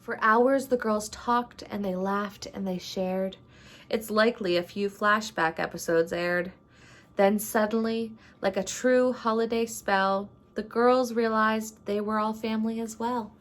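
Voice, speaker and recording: A woman vlogger reading a rhyming picture book aloud at home at night, in an unhurried storytelling way, then chatting casually. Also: mid-range voice, steady tone. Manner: unhurried storytelling, laughs between lines.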